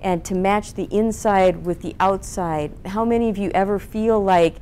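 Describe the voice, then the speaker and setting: Woman, public speaking coach at a seminar, expressive, plays voices, faint rumble in the room. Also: moderate pace, few pauses. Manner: expressive, asks the room questions, acts out flat and lively voices. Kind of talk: seminar talk to a live group.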